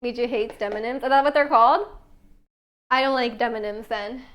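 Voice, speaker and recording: High-voiced chatty streamer woman. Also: brisk, a bit bright. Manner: chatty, reads chat aloud, many "like" fillers. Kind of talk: casual live-stream chat while baking.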